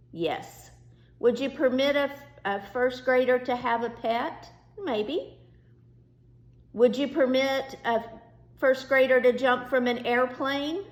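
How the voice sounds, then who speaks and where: A woman teacher, giving a virtual lesson to young students in a slow, patient and reassuring way. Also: on the high side. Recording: echoey room.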